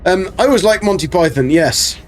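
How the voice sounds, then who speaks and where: A man's voice: high voice, lively intonation, brisk. A man chatting casually on a game live stream, rambling with many ums while reading chat aloud.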